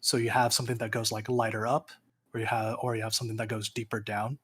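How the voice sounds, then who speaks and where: Husky-voiced man explaining over a call. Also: medium pitch, level tone, a bit bright. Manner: patient, explains slowly, halting with fillers. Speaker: friend on a voice call. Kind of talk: casual explaining.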